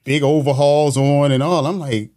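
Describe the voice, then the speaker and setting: A man's voice: a little high, steady tone, normal speed, dark tone. A man, a police officer, telling a tense story in a casual studio interview, full of slang and quoted voices. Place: podcast studio.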